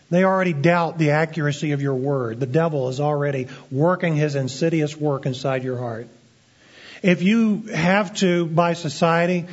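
A man preaching a sermon as pastor, earnest and deliberate, slowing down to stress key phrases. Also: fairly high pitch. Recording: dull lo-fi sermon recording.

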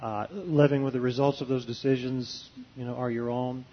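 Halting Baptist preacher, muffled sound. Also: male voice, mid-range voice, little pitch movement. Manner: hesitant, many fillers and restarts. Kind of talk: conversational interview, reading a passage aloud.

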